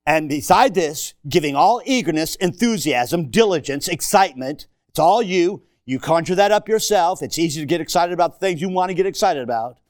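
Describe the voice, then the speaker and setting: A middle-aged man preaching a sermon in a church, swinging from shouted emphasis to hushed asides and joking with the congregation. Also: on the high side, expressive, brisk, few pauses, no room sound, studio quality. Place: church sanctuary.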